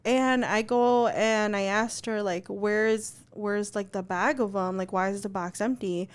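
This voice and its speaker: A young adult woman co-hosting a podcast, telling a story in an animated, chatty way, full of fillers and swearing. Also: medium pitch, moderate pace. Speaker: podcast co-host. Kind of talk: casual chat.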